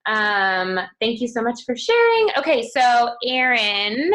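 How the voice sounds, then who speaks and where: A woman's voice: a little high, sing-song, slow, a bit bright. Woman running a team call, cheery and encouraging, lots of likes and ums. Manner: upbeat, encouraging, casual fillers.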